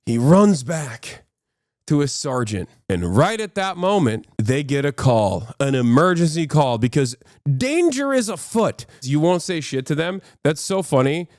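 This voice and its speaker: A man's voice: medium pitch, a little mellow, no room sound, clean studio sound. A man in his thirties, a streamer giving casual, opinionated, sarcastic commentary and swearing freely.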